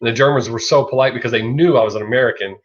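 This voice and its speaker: A middle-aged man with a Southern US accent hosts a livestream, talking at a racing pace in a medium-pitched voice. He rambles through casual live chat, swears freely and laughs a lot. The recording sounds lo-fi and dull.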